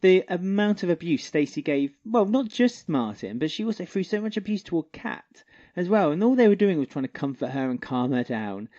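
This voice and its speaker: Male co-host, a bit high-pitched, animated storyteller who acts out quotes, dull lo-fi recording. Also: a little fast, few pauses. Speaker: podcast co-host. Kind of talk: casual chat.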